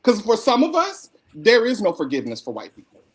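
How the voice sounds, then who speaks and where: A woman's voice: medium pitch, a little fast, a crowd in the background. A woman co-hosting a casual podcast conversation, telling stories emphatically over a video call. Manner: emphatic, animated storyteller.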